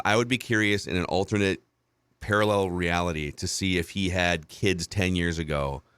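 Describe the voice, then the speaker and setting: A man's voice: low voice, fairly bright tone, smooth, no room sound. A man in his thirties hosting a sports podcast, musing in casual talk and hedging his points with many restarts. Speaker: podcast host.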